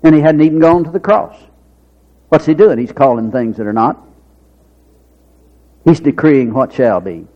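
A man's voice: medium pitch, lively intonation, moderate pace, long pauses. A man preaching a sermon, folksy and full of rhetorical questions, acting out little scenes with quoted voices. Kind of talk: sermon with acted-out anecdotes. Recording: dull lo-fi sermon recording.

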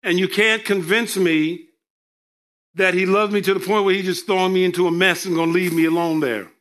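A male preacher delivering a sermon, reading scripture with emphatic, drawn-out delivery and joking asides. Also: high voice, fairly even intonation, fairly bright tone.

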